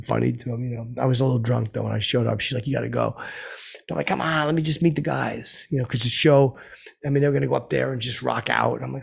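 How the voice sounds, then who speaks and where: Gravelly, rambling man telling a comic story. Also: mid-range voice. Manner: rambling, full of fillers and restarts, boastful. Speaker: comedic storyteller character.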